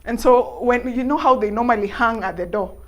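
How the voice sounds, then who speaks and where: A young Kenyan woman vlogger telling a story to camera in an animated, laughing way. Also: fairly high pitch, brisk, heavy background noise. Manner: animated, laughing, mixing in local words.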